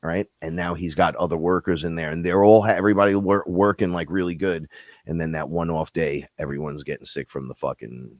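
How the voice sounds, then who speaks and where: Deep-voiced man rambling in casual talk. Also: steady tone, brisk, no room sound. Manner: rambling storyteller, swears freely, acts out other people in high voices. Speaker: podcast co-host. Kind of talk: casual live-stream chat.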